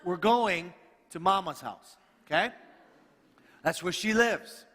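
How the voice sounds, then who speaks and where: A middle-aged man preaching a storytelling sermon as a pastor, animated and acting out the dialogue in his stories. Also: sits high, slow pace, slight background noise. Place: church sanctuary. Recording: long reverb of a church hall.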